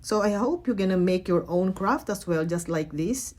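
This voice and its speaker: A middle-aged woman narrating a casual craft tutorial in a chatty, gentle way, with frequent fillers and self-corrections. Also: mid-range voice, animated, moderate pace. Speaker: craft vlogger.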